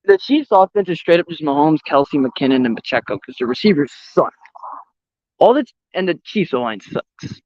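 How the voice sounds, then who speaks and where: Young guy ranting about football outside, kinda high voice, swears a lot, dull dry mic. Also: lively intonation, moderate pace, no room sound. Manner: blunt, profane, opinionated sports talk. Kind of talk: casual chat. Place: outdoors. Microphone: voice call or stream mic. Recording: dull, slightly lo-fi dry sound.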